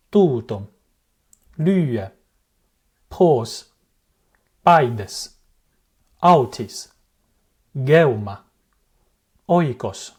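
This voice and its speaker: A man teaches a language lesson in a measured, careful way, stopping to demonstrate how words are pronounced. His voice is medium-pitched and husky.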